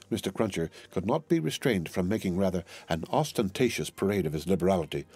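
A man narrating a classic novel as an audiobook, in a measured storytelling manner. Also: low voice, lively intonation, a little mellow, breathy edge, soft background music.

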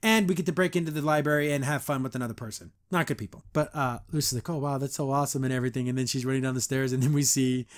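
Talking very fast with few pauses in a mid-range voice, a podcast host recaps a cartoon episode in a loose, rambling way. His speech is full of "like," and he performs the quotes rather than just reading them.

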